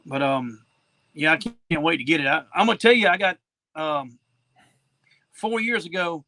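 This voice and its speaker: A man's voice: fairly high pitch, moderate pace, pushed and bright, rough recording. A man, a podcast guest talking in a folksy, plain-spoken way over a video call from an outdoor porch. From South Carolina. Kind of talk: casual conversation. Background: crickets chirping.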